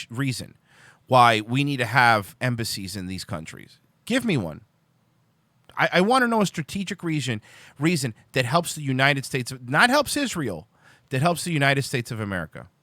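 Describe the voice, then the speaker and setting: On his livestream, this host vents furiously about politics, exasperated and forever starting his sentences over. He has a slightly bright, higher-than-average male voice, captured in a dry recording.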